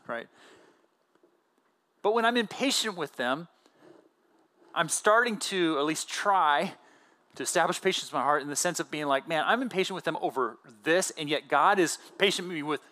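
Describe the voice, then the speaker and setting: A man in his thirties, a pastor giving a conversational sermon with casual fillers and animated emphasis. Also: fairly high pitch.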